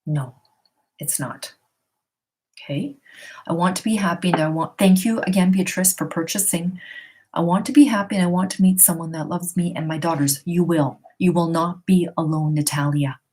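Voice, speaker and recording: A woman's voice: lowish voice, normal speed, warm tone. Woman, middle-aged, tarot reader, live stream from home, chatty, reassuring, casual. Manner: chatty, reassuring, reads questions aloud then answers. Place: her home. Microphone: computer or phone on a live stream.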